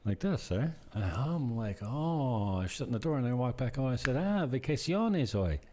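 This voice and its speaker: A man's voice: mid-range voice, expressive, fairly quick, warm tone, a little hiss or hum. A man vlogging casually to camera, rambling through stories about renting out his property and laughing now and then. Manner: rambling, conversational, laughs while telling stories.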